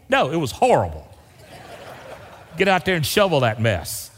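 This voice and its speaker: Folksy pastor in a reverberant church. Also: male voice, a little high, big pitch swings, a little slow. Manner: folksy storytelling, varied emphasis. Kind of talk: sermon. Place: large church sanctuary. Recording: long reverb of a church hall.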